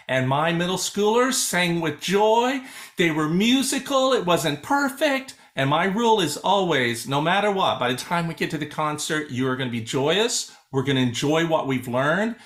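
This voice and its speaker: Man, choir teacher, somewhat high voice, lively teller who acts out quotes, video call. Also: measured pace. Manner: animated storyteller, acts out quoted students. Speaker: choral music educator. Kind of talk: casual video-call conversation.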